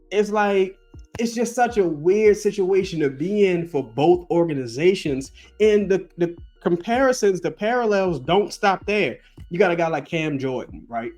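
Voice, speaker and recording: A man hosting a sports show, ranting in a profane, rambling, animated way. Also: a little high. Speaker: podcast host. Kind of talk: casual sports rant.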